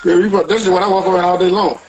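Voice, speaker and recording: Brief: quick, high-pitched man, loose rambling banter over faint music. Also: little pitch movement, darkish tone, dull audio. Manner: rambling, repeats "you hear me". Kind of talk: casual banter.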